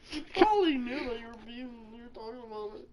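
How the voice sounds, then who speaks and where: A woman's voice: fairly high pitch, animated, brisk, noisy background. A young woman teasing her boyfriend in casual chat, laughing often and swearing freely. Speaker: girlfriend chatting on camera.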